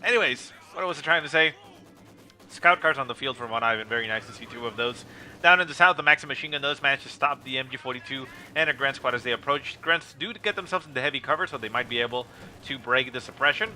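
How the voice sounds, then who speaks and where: A man giving play-by-play commentary on a strategy game replay, calling the action with lots of "uh" fillers and quick bursts of excitement. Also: mid-range voice, faint music behind. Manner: rapid play-by-play with frequent "uh" fillers, rising excitement at kills. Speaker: game caster.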